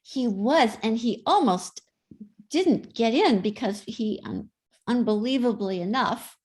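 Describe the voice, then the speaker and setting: A woman's voice: on the high side, animated, slow pace, a little mellow. A woman guest in an interview, chatting and telling stories in an easy way. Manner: chatty anecdotal storyteller. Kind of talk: casual interview storytelling.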